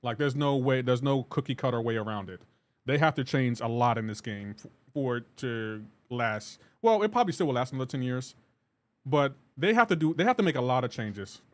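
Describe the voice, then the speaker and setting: A man's voice: mid-range voice, expressive, fairly quick, dry recording. A man streaming a game live, ranting in an exasperated way and repeating himself while reacting to chat.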